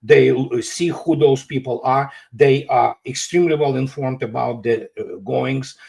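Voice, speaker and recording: A man's voice: medium pitch, a little slow, creaky, a little mellow. A man talking as an interview guest, with emphatic, scornful political commentary full of "you know" fillers. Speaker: guest analyst.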